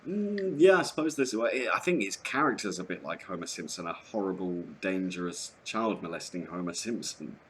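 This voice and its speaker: A man with a very low voice chats as a guest. He speaks in halting bursts, stopping and restarting his thoughts, and throws in crude jokes. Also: lively intonation. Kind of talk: casual podcast chat.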